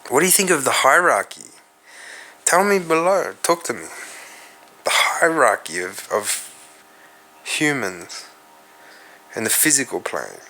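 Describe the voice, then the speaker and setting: A man's voice: mid-range voice, very animated, measured pace, pauses often, pushed and bright. An Australian man hosting a solo podcast, rambling and musing aloud, swearing casually and speaking straight to his viewers. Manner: musing, profane, addresses viewers directly. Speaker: podcast host.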